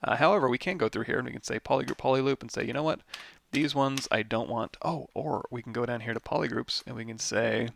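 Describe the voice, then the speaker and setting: A tired man with a lot of vocal fry, teaching a live software tutorial and thinking aloud as he works through menus. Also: medium pitch, fast talker, a little hiss or hum. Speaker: 3D modeling instructor.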